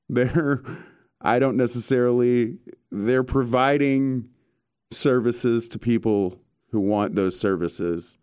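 A man hosting a casual chat, telling stories in an animated way with casual swearing. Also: medium pitch, takes it slowly, clean tone, no echo, clean studio sound.

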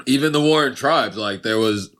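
Guy cohosting a podcast, slangy and joking around, bright voice. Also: mid-range voice, normal speed. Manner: animated, slangy, does jokey voices. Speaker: podcast co-host. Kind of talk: casual chat.

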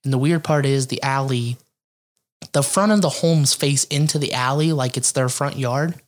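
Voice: mid-range voice, moderate pace. A podcast co-host from Ohio rambling through a casual story, cursing freely and laughing often. The delivery is loose and conversational, with fillers and restarts throughout. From Ohio, USA.

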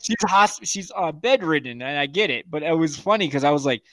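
40s dude cohosting a podcast, swears a lot telling stories, laughs a bunch, kinda high voice, dead dry audio. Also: male voice, animated, fairly quick, bright, forceful tone, no echo. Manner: crude storytelling, laughs often. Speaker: podcast co-host. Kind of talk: casual chat.

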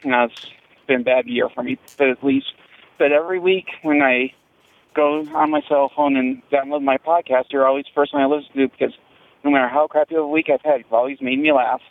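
A man from Denver leaving a first-time voicemail for a podcast, speaking in an earnest, steady and plainspoken way. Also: mid-range voice, fairly quick. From Denver area. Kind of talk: phone voicemail. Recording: tinny dry phone line.

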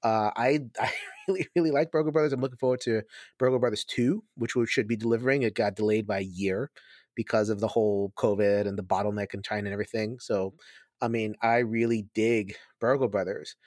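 A man's voice: lowish voice, fairly even intonation, brisk, a little mellow, no echo. Enthusiastic rambling man, dry sound. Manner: enthusiastic, rambling with restarts and laughs. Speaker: podcast co-host. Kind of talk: casual chat.

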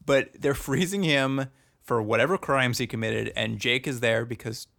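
A man's voice: medium pitch, normal speed, creaky, fairly bright tone. A young man co-hosting a podcast, recapping a TV show with sarcastic jokes. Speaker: podcast co-host. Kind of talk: casual chat recapping a TV show.

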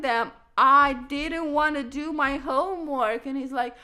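A woman in her thirties from Romania tells a childhood story in a relaxed, unhurried way. Her voice sits a little high. She is animated and laughs often, acting out the people she describes. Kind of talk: casual storytelling chat.

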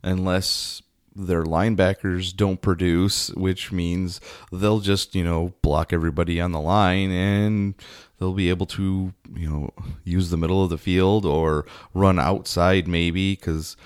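A man co-hosting a casual football talk show, relaxed and measured, with some fillers. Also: low voice, clean tone, no echo, clean studio sound. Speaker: sports podcast co-host.

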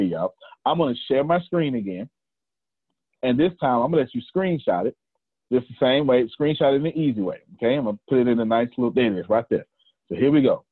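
Husky Southern man coaching over a call. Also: mid-range voice, dry recording. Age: 40s. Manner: folksy, repeats phrases, counts down, teases listeners. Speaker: coach hosting a group call. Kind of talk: animated motivational coaching. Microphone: video call. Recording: phone-like lo-fi call audio.

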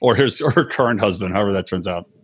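A man co-hosts a casual podcast chat, crude and mocking, acting out the people he quotes in silly voices. His voice is husky and fairly low, and he talks at a quick pace.

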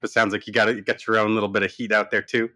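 A man's voice: on the low side, level tone, very fast, sharp tone, no echo. A man co-hosting a podcast in easygoing, upbeat casual chat, laughing often. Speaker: podcast co-host.

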